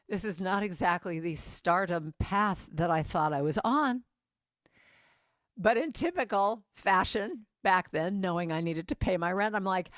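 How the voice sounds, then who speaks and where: A woman giving a lively storytelling message at a church service, acting out the voices of people in her story. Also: mid-range voice, unhurried, no room sound, studio quality. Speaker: guest musician and speaker. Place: church sanctuary.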